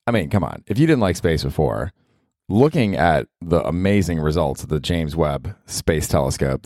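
A man in his forties from the US South hosts a solo podcast, speaking casually with plenty of profanity, tangents, and laughter. His voice is low and a bit mellow, recorded cleanly in a studio with no room sound.

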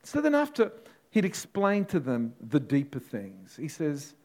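A man preaching a sermon as a pastor, telling the story dramatically and swinging from loud to hushed. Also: mid-range voice, big pitch swings, normal speed.

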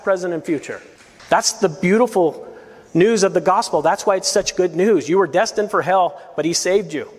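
A man's voice: high-pitched, in a large hall. A man preaching a verse-by-verse sermon as pastor, earnest and emphatic, with rising appeals to his listeners. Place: church sanctuary.

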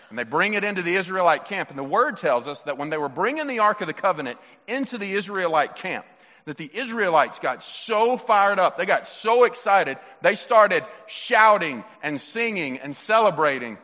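A male pastor preaching a sermon in an animated, emphatic, conversational way. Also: sits high, long reverb tail, muffled recording.

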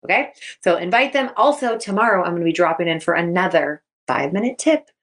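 A woman's voice: on the low side, expressive, fast talker. Upbeat woman sports coach chatting. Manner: upbeat, chatty, acts out quotes. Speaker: sports mindset coach and podcast host. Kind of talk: casual solo podcast talk.

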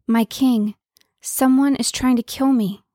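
Lady doing a shy stammery young queen, highish slow voice, dry sound. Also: steady tone, mellow, no echo. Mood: pleading. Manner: hesitant, stammering. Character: timid young queen, scared then brave.

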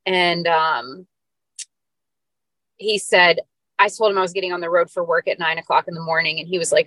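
A woman's voice: lowish voice, steady tone, moderate pace, pauses often, pushed and bright, no room sound. A woman guest on a podcast, telling a personal story in an earnest, emotional way with casual fillers. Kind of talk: personal story told in an interview.

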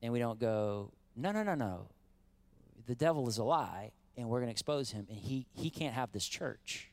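A middle-aged man gives a sermon as pastor at a normal pace, his voice in the mid range. He keeps it animated and chatty, performing quotes and addressing the congregation directly.

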